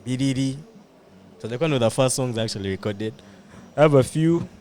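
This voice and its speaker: A man's voice: mid-range voice, a little fast, a little mellow, slight background noise. Laughing man on a casual podcast. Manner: playful, laughs often, slips into sing-song bits. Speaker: podcast co-host. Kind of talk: casual chat.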